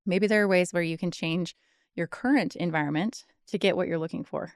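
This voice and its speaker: Smooth low-voiced woman coaching eagerly. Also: brisk, dry recording, clean studio sound. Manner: enthusiastic, encouraging, slightly out of breath. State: out of breath. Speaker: career coach and podcast host. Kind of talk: solo podcast advice monologue.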